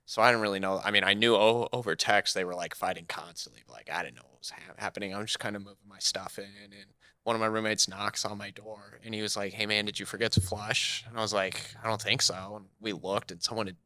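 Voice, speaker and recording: A young man, a comedian guest on a podcast, telling a story in an animated, casual way. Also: on the low side, fast talker, no echo. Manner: animated, lively storyteller acting out quotes.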